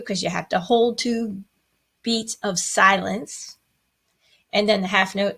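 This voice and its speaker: A woman's voice: mid-range voice, a little slow, fairly bright tone. A woman teaching a music lesson, patiently explaining rhythms and chanting the counting syllables with playful asides.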